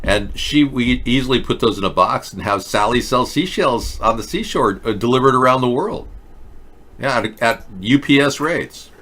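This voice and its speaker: A man's voice: mid-range voice, normal speed, fairly bright tone, a little hiss or hum. A man hosting a casual talk show, mocking and sarcastic, switching between joking rants and mumbled reading aloud. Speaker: host. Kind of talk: casual comedic commentary.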